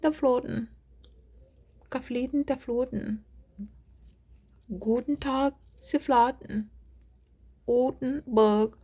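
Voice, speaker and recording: A woman putting on a playful mock German voice, reciting nonsense words high and exaggerated. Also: darkish tone.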